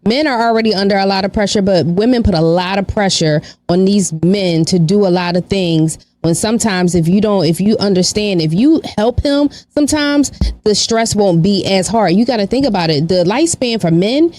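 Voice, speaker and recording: A woman's voice: mid-range voice, moderate pace, a little mellow. A woman co-hosting a casual podcast, giving her views firmly. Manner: firm, opinionated. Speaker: podcast co-host.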